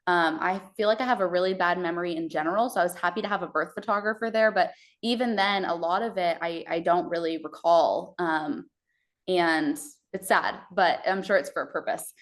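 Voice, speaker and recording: A woman from Texas, a podcast guest, telling her birth story in a casual, halting way with many fillers and restarts. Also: lowish voice.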